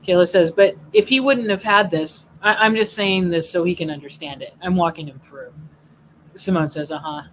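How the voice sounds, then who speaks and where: A woman's voice: fairly low pitch, normal speed, fairly bright tone, slight background noise, poor audio. Woman reading a court transcript aloud. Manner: plain reading, naming each speaker before their words. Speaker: legal affairs journalist.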